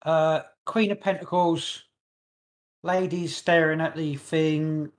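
A man's voice: fairly high pitch, steady tone, slow. A man co-hosting a podcast in casual chat, rambling and joking, tripping over names. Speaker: podcast co-host.

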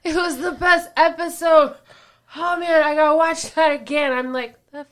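A woman's voice: sits high, steady tone, normal speed, a bit bright. A woman in casual chat who laughs often and swears freely while telling stories about her partner. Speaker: podcast co-host's partner.

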